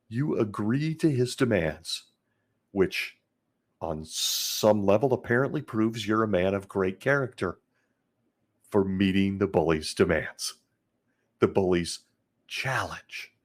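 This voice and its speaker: A man hosting a podcast, telling a disturbing story in a slow, intense monologue with heavy pauses. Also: fairly low pitch, gravelly, slightly rough. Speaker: podcast host.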